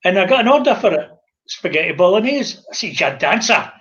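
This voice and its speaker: An older Scottish man, a former publican, telling lively stories in casual chat and acting out the dialogue. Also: high voice, fast talker, highs cut off. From Scotland. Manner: animated anecdotal storyteller, acts out dialogue.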